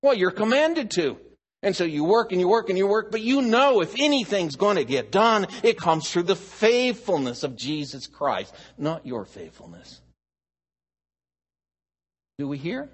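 A man preaching a sermon as pastor, animated, swinging from loud emphasis to near hush. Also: sits high, unhurried, husky.

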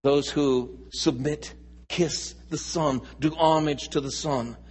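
A man preaching a sermon as pastor, repeating key phrases slowly and dropping from loud emphatic lines to hushed, near-whispered ones. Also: on the high side, fairly even intonation, slightly rough.

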